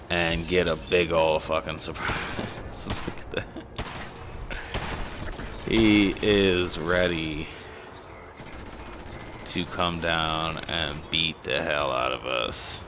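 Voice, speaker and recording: A young man giving casual, rambling commentary over a game recording, excitable and swearing freely. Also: low voice, takes it slowly, pauses often, faint music behind. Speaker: gaming commentator.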